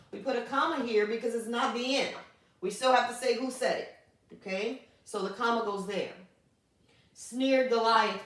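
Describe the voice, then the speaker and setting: Woman, teacher, patient, dictates slowly, checks in often, very echoey room, far from the mic. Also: mid-range voice. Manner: patient, checks in with frequent "okay?"; dictates words slowly one at a time. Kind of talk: classroom grammar lesson.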